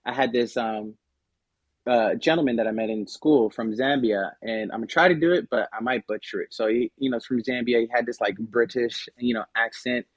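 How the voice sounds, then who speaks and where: A man's voice: mid-range voice, a little fast, no room sound, muffled recording. Man chatting casually on a podcast. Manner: conversational, many fillers and restarts. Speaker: podcast guest. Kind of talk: casual explanatory podcast talk.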